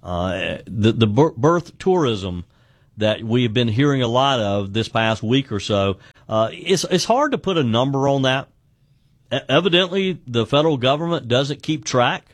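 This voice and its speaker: Male talk radio host, average pitch, dry close studio sound, chatty with frequent restarts. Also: animated, normal speed, no echo. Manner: conversational, repeats words when starting sentences.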